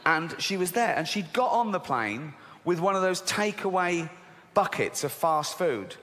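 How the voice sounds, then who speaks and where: Guy doing standup, swears a lot, big pitch swings, long hall reverb, faint crowd hum. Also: moderate pace. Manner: animated, laughing at his own jokes, swearing. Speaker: stand-up comedian. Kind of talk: stand-up comedy routine. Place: large theater stage with a live audience.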